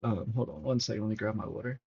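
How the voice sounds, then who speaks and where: A man hosting a crypto livestream, talking casually and excitably over charts and swearing freely to his chat. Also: lowish voice, racing, creaky, slight background noise. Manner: profane, excitable, talks to chat. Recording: dull lo-fi stream audio.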